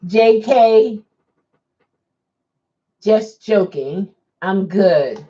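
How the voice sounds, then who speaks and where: On a live stream, a Baltimore woman who drives for a rideshare service chats casually, answering viewer comments and laughing often. Her voice is medium in pitch and expressive, and she speaks extremely slowly. The recording sounds dull and lo-fi.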